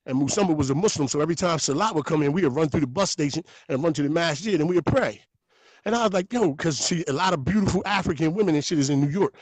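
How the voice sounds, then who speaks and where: A man with a somewhat high voice, talking as a guest on a podcast. He tells his stories in an animated, profane, street-talk manner. The recording is dry and close, with no room sound. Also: quick pace, dry recording.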